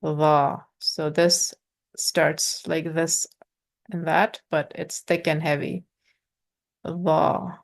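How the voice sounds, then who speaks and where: A woman teaching pronunciation in an informal lesson, patiently explaining with halting pauses and sounding out letters. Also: low-pitched, little pitch movement, creaky.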